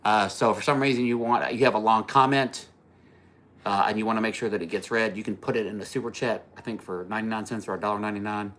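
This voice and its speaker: A man with a rather low but bright, forceful voice hosts a casual livestream chat. He rambles through personal stories and chuckles at his own jokes. Between stories he reads out and answers viewer comments. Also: fairly even intonation, fast. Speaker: livestream host.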